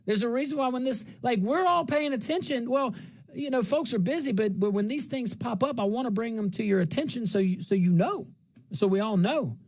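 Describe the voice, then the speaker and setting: A man's voice: very high-pitched, animated, a little fast, darkish tone. A middle-aged man from central Louisiana with a slight twang, hosting a talk show in a folksy, rambling monologue that repeats phrases for emphasis.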